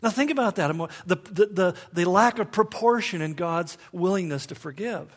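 A man's voice: high-pitched, animated, normal speed, few pauses. A man preaching a sermon in a conversational way, with humorous asides and rhetorical questions.

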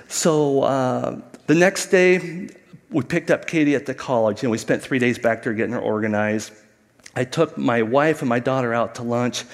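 A man's voice: on the high side, in a large hall. A middle-aged man preaching a sermon, telling a family story in a conversational way with asides to the congregation. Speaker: pastor.

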